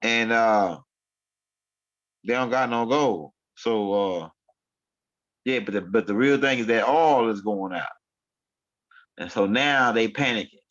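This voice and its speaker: A man's voice: on the low side, takes it slowly, pauses often, a bit bright. Guy ranting casual on his own show, slangy and repeats stuff a lot, muffled lo-fi sound. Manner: rambling, street slang, repeats himself. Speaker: online show host. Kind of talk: casual commentary monologue. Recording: dull lo-fi sound.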